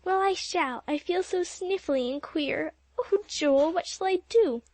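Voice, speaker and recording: A woman reading an audiobook, voicing an excitable, dramatic teenage girl who gushes and frets. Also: very high voice, unhurried, no room sound, pitched above the performer's own voice. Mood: overwrought. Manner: gushing, overwrought.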